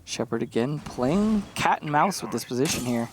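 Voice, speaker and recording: A man's voice: mid-range voice, animated, normal speed, slight background noise. A man giving casual, analytical color commentary on an esports match, laughing easily between points. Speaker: esports caster.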